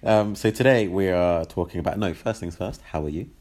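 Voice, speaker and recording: A man's voice: low-pitched, a little fast, a little mellow. A man co-hosting a casual podcast, joking around and laughing often between lines. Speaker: podcast co-host.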